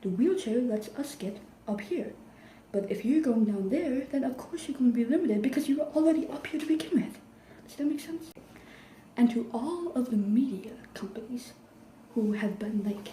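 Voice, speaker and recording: A woman ranting to camera in a sarcastic, emphatic, lecturing way, her voice pitched a little high yet mellow in tone. The room around her is echoey, with a faint hum behind. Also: lively intonation, moderate pace. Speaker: vlogger. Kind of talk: improvised rant to camera.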